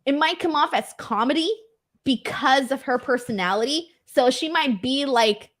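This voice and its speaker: A young adult woman hosting a casual live-stream wrestling recap, animated and emphatic, with casual swearing. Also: high voice, moderate pace. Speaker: wrestling show host.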